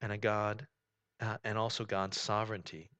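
A man preaching a sermon in a conversational way, often saying "you know", swinging between loud, emphatic stretches and quiet, low ones. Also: little pitch movement, moderate pace, clean tone. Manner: conversational preaching, rising and falling in volume, frequent "you know". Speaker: pastor.

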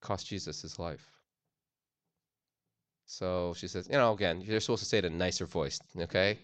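Deep-voiced man preaching, dry sound. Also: normal speed, fairly bright tone, no echo. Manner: earnest, repeats phrases with restarts. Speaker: pastor. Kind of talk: sermon on forgiveness.

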